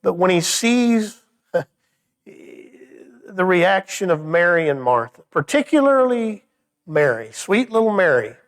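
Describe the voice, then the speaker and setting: A man leading a Wednesday evening Bible study in a church, talking in a conversational way with frequent stammered restarts and a voice that drops low when he turns reflective. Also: sing-song, slow pace.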